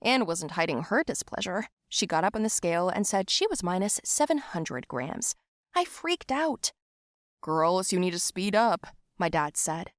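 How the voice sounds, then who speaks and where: A woman narrating a first-person animated story with expressive, animated delivery. Her pitch sits in the middle range. The recording is dry and close. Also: normal speed, dry recording.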